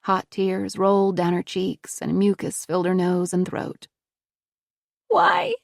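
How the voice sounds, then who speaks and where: A woman reading a thriller audiobook in a steady, measured voice on a close studio mic. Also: on the low side, gravelly, no echo. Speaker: audiobook narrator. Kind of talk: scripted narration.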